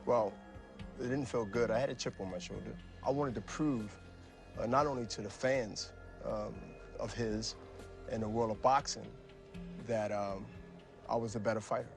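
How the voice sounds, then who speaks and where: A man's voice: on the low side, steady tone, normal speed, creaky, faint music behind. A man, a former boxer, giving blunt, plain-spoken interview answers with some fillers.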